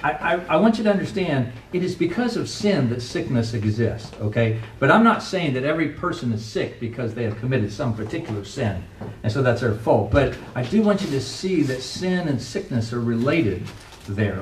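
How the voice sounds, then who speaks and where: A man's voice: medium pitch, sing-song, normal speed, a little hiss or hum. Earnest preaching man, echoey and distant. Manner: earnest, emphatic preaching with rising exclamations. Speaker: pastor. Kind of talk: sermon.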